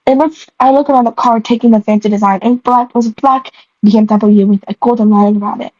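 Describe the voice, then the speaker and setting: Rereading an old story she wrote, a young woman keeps tripping over the text and breaking off to tease herself about it, giggling along the way. She's a fast talker with a slightly high, darkish voice and fairly even intonation. The recording is dry, dull, and lo-fi.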